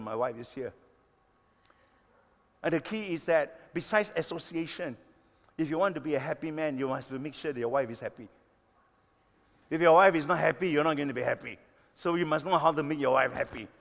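A pastor in his sixties preaching a sermon, emphatic, stretching key words slowly and swinging between loud and soft. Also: a little high. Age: 60s. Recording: long reverb of a hall.

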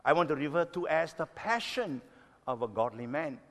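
Man, 60s, pastor, sermon, high pitch, emphatic, loud-soft swings, long hall reverb. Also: lively intonation. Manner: emphatic, stretching key words slowly, swinging between loud and soft.

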